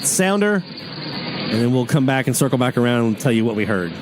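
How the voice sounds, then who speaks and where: With music playing in the background, a man speaks in a sing-song, medium-pitched voice at a moderate pace. He hosts a radio hobby live stream, chatting with enthusiasm and reading listener messages in a folksy way.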